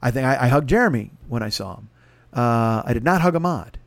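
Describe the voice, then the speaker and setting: A man's voice: mid-range voice, animated, brisk, no echo. A man hosting a podcast, telling a rambling, profane comic story. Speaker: podcast host. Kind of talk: comedic storytelling.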